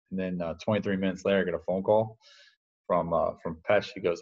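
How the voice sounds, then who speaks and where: A deep-voiced man, talking easily about his playing days and rambling through stories with plenty of "uh" and "you know." The sound is a little muffled and lo-fi. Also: fairly even intonation, fast, gravelly, breathy edge. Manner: laid-back, rambling, full of fillers and laughs. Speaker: former minor league baseball catcher, guest. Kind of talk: casual storytelling interview.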